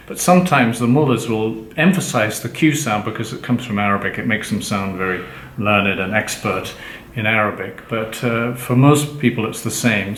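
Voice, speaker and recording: A man teaching pronunciation, explaining slowly and patiently and prompting his partner for examples. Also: medium pitch, a bit bright. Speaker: language teacher. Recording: echoey room with faint background noise.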